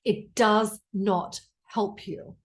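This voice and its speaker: A woman's voice: medium pitch, steady tone, very slow. An Australian woman in her forties giving a casual tarot reading, blunt and chatty, with plenty of swearing. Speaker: tarot reader.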